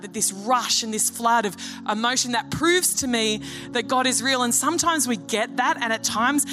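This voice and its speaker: A woman's voice: fairly high pitch, fairly bright tone. Earnest woman pastor preaching. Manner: earnest, storytelling, acts out dialogue. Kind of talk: sermon.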